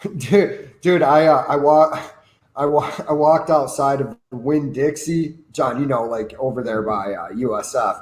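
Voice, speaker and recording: A man's voice: mid-range voice, unhurried. A man with an ordinary mid-range voice tells a rambling story full of jokes and restarts. His voice carries a roomy echo, as if he were in a bare room. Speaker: podcast co-host. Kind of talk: casual storytelling chat.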